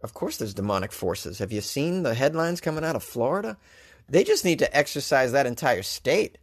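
A man's voice: medium pitch, sing-song, a little fast. A man hosting a comedic news commentary, reading headlines and riffing on them sarcastically. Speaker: host.

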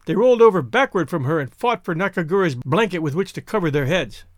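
A male podcast host reads a classic story aloud in an expressive storytelling manner. His voice sits high and moves lively through its range. The recording is dry and close. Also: fast, no echo. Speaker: podcast narrator. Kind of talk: scripted narration.

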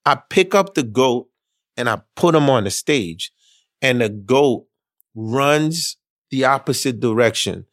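A man telling a funny story casually, animated and slangy, acting out the other people's voices. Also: mid-range voice, unhurried, no room sound, studio quality. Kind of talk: casual anecdote.

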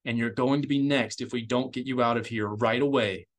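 A man's voice: mid-range voice, fairly even intonation, a little fast, lightly acted. A man voicing a loyal male aide who speaks urgently, firmly and bitterly in an audiobook. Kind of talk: audiobook character voice.

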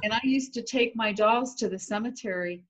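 A woman's voice: fairly high pitch, normal speed, a little hiss or hum. A woman host sharing a story in a casual, open conversation. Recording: dull lo-fi sound.

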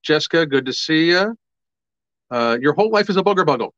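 A man's voice: on the high side, animated, fairly quick, a bit bright, no room sound. Guy running a casual livestream, chatty and sweary, dry dull sound. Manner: casual, profane, upbeat, reads viewer comments aloud. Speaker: livestream host.

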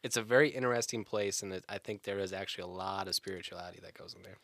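A man co-hosting a chatty podcast, relaxed and rambling, filling his pauses with ums and uhs. His voice sits a little low, recorded close and dry. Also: dry recording. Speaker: podcast co-host. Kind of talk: casual chat.

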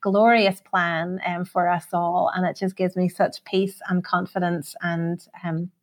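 A woman in her forties from Belfast with a Northern Irish accent, a singer-songwriter talking in a casual podcast interview, reflective and quick to laugh. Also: fairly low pitch, level tone. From Northern Ireland. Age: 40s. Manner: warm, reflective, laughs often.

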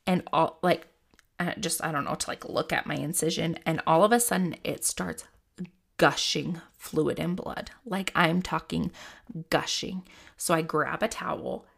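A woman's voice: deep voice, unhurried, creaky, breathy edge. A woman in her thirties telling a personal story in a casual, rambling, candid way, full of "like" fillers.

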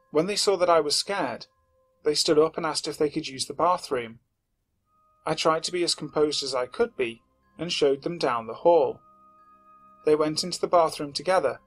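A man with a somewhat high voice narrates a scripted horror story in a steady, measured reading. He slows down as the tension builds. Faint music plays under his voice. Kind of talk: scripted narration of a first-person submitted story. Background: faint background music.

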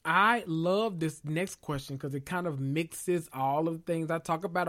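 Animated man, higher voice. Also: normal speed, few pauses. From Southern United States. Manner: animated, opinionated, dramatic swings in pitch. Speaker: podcast host. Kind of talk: casual chat.

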